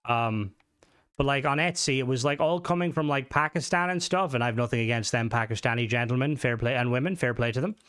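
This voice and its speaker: A young man chatting loosely on a live stream. His voice sits at an ordinary middle pitch, and he rambles from one story to the next with plenty of swearing. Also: brisk, fairly bright tone, clean tone. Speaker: livestream host. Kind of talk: casual live-stream chat.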